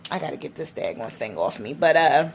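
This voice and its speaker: A woman's voice: deep voice, expressive, fairly quick, vocal fry, slight background noise. A woman in her thirties speaking in a casual personal vlog, teary and rambling, with many restarts. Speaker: vlogger.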